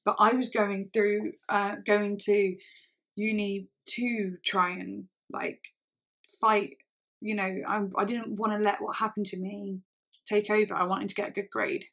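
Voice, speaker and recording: Halting young woman telling a story. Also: mid-range voice, level tone, a bit bright. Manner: halting, full of "like" and restarts. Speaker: vlogger. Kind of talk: casual storytelling.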